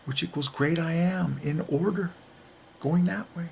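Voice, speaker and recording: A gravelly-voiced man talks through letter-by-letter word comparisons with mounting excitement. He often sinks into a hushed whisper for emphasis. A faint hiss of noise sits behind him. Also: fairly high pitch, measured pace. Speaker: channel host. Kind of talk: religious letter-counting monologue.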